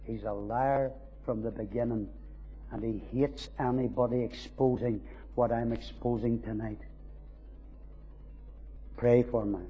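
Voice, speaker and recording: A man preaching a sermon, swinging between soaring emphasis and quiet asides. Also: medium pitch, fairly even intonation, unhurried, pauses often, faint music behind. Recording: dull recording in a reverberant hall.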